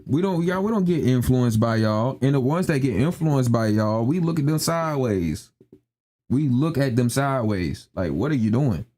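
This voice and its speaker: A man's voice: medium pitch, expressive, normal speed, darkish tone. A young man ranting emphatically in slangy casual talk on a live stream, repeating his points. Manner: emphatic, repetitive, slangy, keeps asking "you know what I'm saying".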